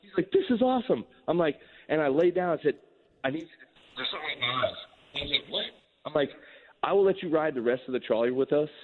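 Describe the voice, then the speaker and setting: A middle-aged man, a former relief pitcher, telling a story in a casual interview and acting out the quoted dialogue as he goes. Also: fast. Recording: tinny phone-line sound.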